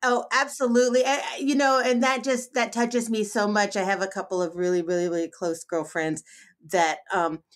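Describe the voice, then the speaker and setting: A middle-aged woman hosts a casual podcast interview. She speaks in an emphatic, heartfelt way and often restarts her sentences. Her voice has a moderate, middle pitch. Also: steady tone, normal speed. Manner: warm-hearted, emphatic, many fillers and restarts. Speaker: podcast host.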